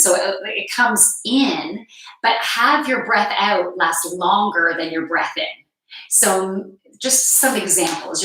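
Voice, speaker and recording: A woman guiding a live card reading and breathing session in a slow, soothing way, step by step. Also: lowish voice, bright, forceful tone. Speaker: card reader and meditation guide. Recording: very echoey room.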